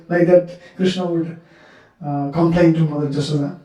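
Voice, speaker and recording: A man's voice: on the high side, steady tone, moderate pace, mellow. A man preaching in a temple, telling devotional stories earnestly with many repetitions. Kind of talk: sermon storytelling. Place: temple hall. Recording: echoey temple hall, mic far off.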